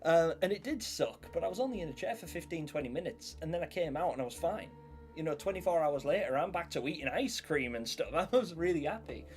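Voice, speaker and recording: A young man hosts a casual live stream, rambling through stories and greeting viewers by name. His voice sits a touch higher than most men's. Faint music plays quietly under the chat. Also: animated, quick pace. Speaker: livestream host.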